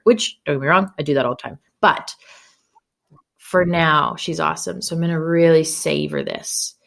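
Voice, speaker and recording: Lowish-voiced woman in her 30s, chatty and candid, guest on a podcast chat. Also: animated, measured pace, vocal fry. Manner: chatty, candid, laughs often. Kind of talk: casual podcast conversation.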